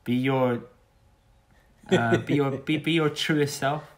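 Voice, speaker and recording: A man's voice: mid-range voice, steady tone. A man co-hosting a podcast, joking playfully and laughing easily in casual chat. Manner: jokey, playful, quick to laugh. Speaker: podcast co-host.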